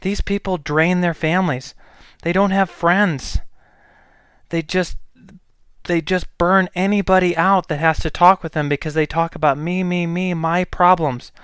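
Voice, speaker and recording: Exasperated and blunt, a male healthcare provider hammers each point in an opinion monologue, speaking at a measured pace with fairly even intonation. His voice sits a little high, smooth, resonant and fairly bright, captured dry and close without echo.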